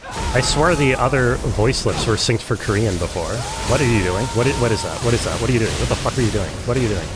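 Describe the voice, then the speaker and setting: Quick and expressive, a medium-pitched man provides casual live commentary while streaming a game. He's sarcastic and swears freely with viewers, and game music plays behind his voice.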